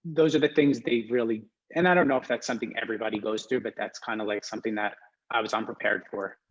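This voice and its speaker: A man in his twenties, a podcast guest, talking in a soft, hesitant, casual way with many fillers. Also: medium pitch, fairly even intonation, quick pace, highs cut off. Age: 20s. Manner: soft-spoken, hesitant, lots of "like". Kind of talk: casual interview.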